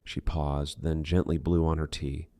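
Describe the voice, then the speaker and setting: Give me a man with a very low voice narrating a thriller audiobook in a measured, dark tone. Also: flat delivery, no echo. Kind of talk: scripted narration.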